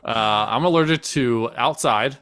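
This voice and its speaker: A man's voice: medium pitch, measured pace, a bit bright, smooth, dry recording. A man co-hosting a podcast, easygoing and agreeable, chatting casually and laughing often. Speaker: podcast co-host. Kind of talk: casual chat.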